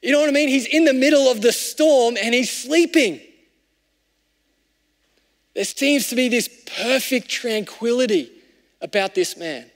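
Male pastor, high-pitched, conversational sermon delivery with big swings from emphatic to hushed, recorded in an echoing hall. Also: a little slow, long pauses. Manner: conversational, shifting between raised emphasis and hushed reflection. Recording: long hall reverb.

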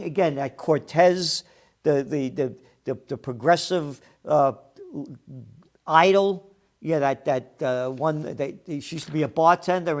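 An older man delivers an opinionated solo commentary in a slightly raised voice. He is sarcastic and combative and swears freely when his anger rises. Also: on the high side. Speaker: host of a trends commentary show.

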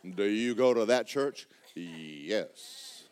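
Middle-aged male preacher, folksy, animated swoops, bursts into shouting. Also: lowish voice, extremely slow, clean tone. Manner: folksy storytelling, rising to shouts. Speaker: pastor. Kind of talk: sermon.

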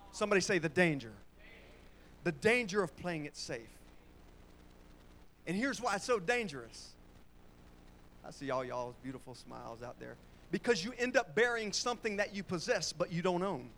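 A man preaching in a church with a bright, high voice, moving between laid-back storytelling and prodding call-and-response. He drops into colloquial phrasing and nudges the congregation to answer back, with faint room noise underneath. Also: animated, a little fast. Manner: conversational, with Southern-style colloquial phrasing. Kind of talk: sermon.

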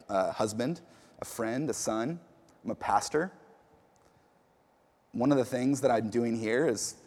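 A man who is a pastor, preaching a sermon in a relaxed, conversational way and telling stories with casual fillers and repeated words. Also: mid-range voice. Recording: long hall reverb.

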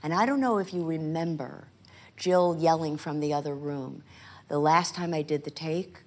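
An older woman on stage telling animated stories about acting work, often acting out quoted lines. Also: deep voice, normal speed. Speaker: guest actress in a stage conversation. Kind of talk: conversational storytelling. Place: stage before a live audience.

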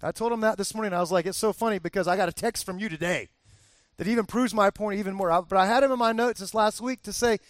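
A man's voice: high-pitched, fast talker, no echo, clean studio sound. A man preaching a sermon as a pastor, talking candidly and conversationally with frequent restarts.

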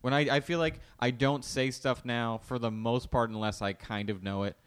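A man's voice: medium pitch, moderate pace, smooth. A man hosting a casual chat, telling stories and acting out what people said. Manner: animated storyteller acting out quoted voices.

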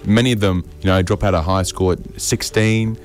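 A man's voice: low-pitched, steady tone, normal speed, soft background music. A man rambling through a comic monologue with dry, self-mocking asides. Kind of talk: comedic monologue.

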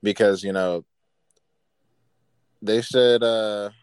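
A man's voice: on the low side, steady tone, extremely slow, darkish tone, smooth, no echo. A man in casual podcast chat, laid-back and laughing, who reads out a statement and comments on it. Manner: laid-back, laughing, calls people "bro".

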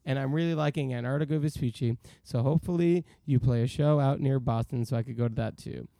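A man's voice: mid-range voice, fast, creaky, mellow, no room sound. A man co-hosting a casual podcast, reading listener emails aloud and joking around. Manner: reads listener emails aloud, jokey, slips into silly voices. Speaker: podcast co-host.

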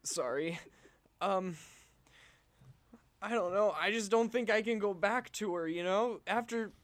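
A man's voice: high voice, a little slow, dry recording. A man playing an awkward, needy, lovesick young man who talks hesitantly in an improvised comedy sketch. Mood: needy, sad.

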